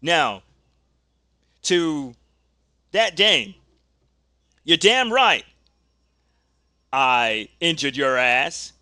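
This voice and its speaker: A man's voice: fairly high pitch, sing-song, drawn-out words, long pauses, dry recording, studio quality, full character voice. A man voicing an angry male pro wrestler who rants and threatens in a backstage interview. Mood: threatening. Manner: angry ranting, builds to shouting.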